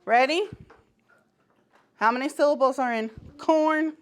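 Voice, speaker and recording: A woman's voice: high-pitched, unhurried. A young woman teaching a pre-kindergarten class in a classroom, upbeat and encouraging, giving short firm directions to small children. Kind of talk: classroom instruction.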